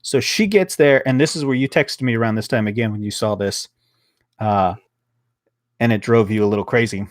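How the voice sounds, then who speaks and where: A man's voice: on the low side, normal speed, dry recording, studio quality. A man hosting a casual podcast review of a TV episode, rambling along with lots of fillers, restarts and swearing.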